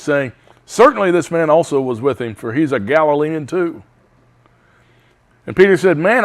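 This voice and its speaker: A man teaching a Bible study, reading scripture aloud with emphasis. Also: a little high.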